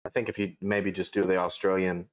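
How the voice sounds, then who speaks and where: A man with a fairly low voice, chatting on a livestream in a laid-back, easygoing way. He agrees readily and chimes in with short replies. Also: flat delivery, fairly quick. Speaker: livestream co-host. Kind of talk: casual chat.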